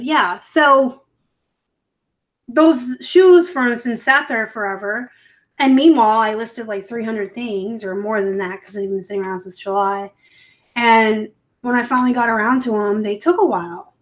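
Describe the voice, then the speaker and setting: A woman from the West Coast chats through a casual live stream with a slightly high voice. She rambles from one thought to the next, and her phrases often lift upward at the end. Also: normal speed. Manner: chatty and rambling, upspeak at times. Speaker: live show host and reseller.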